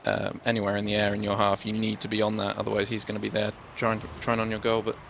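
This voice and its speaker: A man with an Irish accent commentating a video game match from his desk in a measured, analytical way. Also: fairly low pitch, monotone, gravelly, a bit bright, slight background noise. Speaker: esports commentator. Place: home desk.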